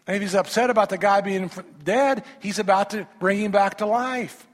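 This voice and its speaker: A man preaching a sermon, reading scripture aloud and breaking in with animated rhetorical questions and humorous asides to the congregation. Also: high-pitched, normal speed. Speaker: pastor. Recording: long reverb of a large hall.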